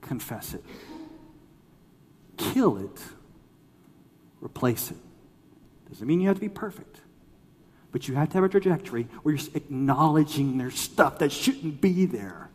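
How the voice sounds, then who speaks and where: Pastor, male, expressive storytelling sermon, big swings in volume; hall reverb. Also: a little high, unhurried, pauses often, breathy edge. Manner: animated storytelling, acts out quoted voices.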